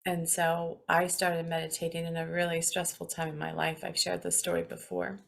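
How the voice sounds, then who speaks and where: A woman in her forties hosting a spiritual talk, speaking earnestly and reflectively with soft laughs and some emotion. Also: on the low side, completely flat delivery, moderate pace, gravelly. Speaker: spiritual podcast host.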